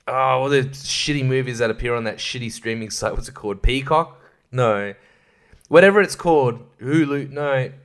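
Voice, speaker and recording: A man's voice: mid-range voice, moderate pace, smooth. A man hosting a podcast, reviewing a film in a sarcastic, rambling way, with lots of swearing and laughter at his own jokes. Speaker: podcast host.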